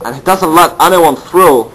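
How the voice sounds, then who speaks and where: A man narrating a kids' story in a deadpan, rambling way, turning aside to address the children directly. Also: a little high, moderate pace, rough recording. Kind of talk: bedtime-story narration for kids.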